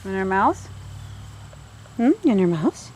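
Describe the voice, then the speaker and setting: A woman working in wildlife rehabilitation, talking softly and coaxingly to an animal in an outdoor enclosure while she films. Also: mid-range voice, animated, slow pace, a little hiss or hum, rough recording. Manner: coaxing, sing-song pet talk. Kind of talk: casual talk to an animal while filming.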